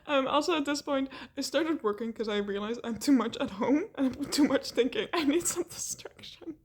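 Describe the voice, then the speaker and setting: High-voiced young woman rambling a story. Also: moderate pace. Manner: rambling, animated, laughing often, swearing. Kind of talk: casual storytime vlog.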